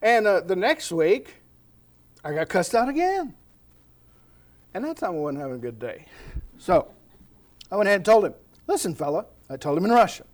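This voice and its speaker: An American man preaching a sermon, animated and folksy, with storytelling asides. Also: high voice, moderate pace, pauses often. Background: congregation responding.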